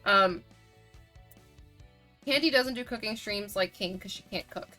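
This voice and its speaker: A woman hosting a live stream in casual chat, quick and teasing. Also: medium pitch, pushed and bright, faint music behind. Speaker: streamer host.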